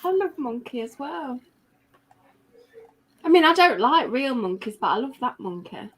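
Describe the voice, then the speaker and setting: A woman's voice: high voice, sing-song, measured pace, slightly rough. A woman in a casual chat with friends, laughing and agreeable.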